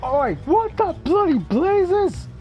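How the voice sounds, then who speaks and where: A man's voice: very high-pitched, very animated, slow pace, pitched above the performer's own voice, heavily acted. A man voicing a rowdy, threatening male ruffian in a put-on Cockney accent, over game music. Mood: jeering. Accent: attempted Cockney. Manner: jeering, loud, threatening.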